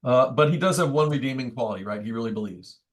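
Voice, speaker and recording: A man's voice: medium pitch, fast talker. A man, a priest, teaching a book study group in a conversational, thoughtful way with wry asides. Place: church meeting room.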